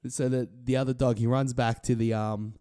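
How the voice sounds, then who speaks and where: A man chatting casually on a podcast, retelling a story loosely with plenty of swearing. His voice is mellow and dark, at a middle pitch. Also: flat delivery, normal speed, clear, resonant tone, no room sound, studio quality. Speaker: podcast co-host.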